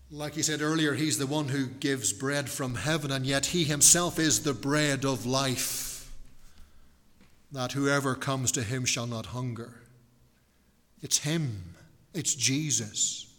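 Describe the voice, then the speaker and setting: A man preaching an expository Bible study, slow and deliberate, with rhetorical questions and frequent restarts. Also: a little high, a bit bright, in a large hall.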